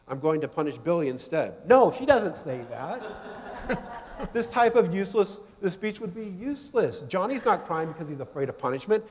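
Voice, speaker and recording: A male preacher giving a sermon, telling a story with loud emphasis that drops to soft, low asides. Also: big-room sound.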